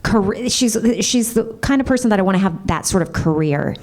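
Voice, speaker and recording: A voice actress chatting bubbly and gushing with fans at a convention panel. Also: female voice, mid-range voice, lively intonation, a little fast, a little mellow.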